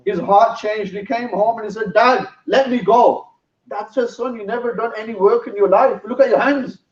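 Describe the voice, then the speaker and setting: A man giving a sermon, telling a story in an earnest way. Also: extremely high pitch. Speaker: preacher. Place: mosque hall. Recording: roomy, distant, dull sound.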